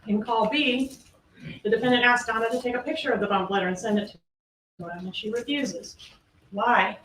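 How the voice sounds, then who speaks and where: A woman's voice: fairly high pitch, steady tone, fairly bright tone, slight background noise. A woman prosecutor giving a closing argument in court, pressing the jury with pointed rhetorical questions. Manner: rhetorical questions, emphatic pauses. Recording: echoey courtroom audio from far off.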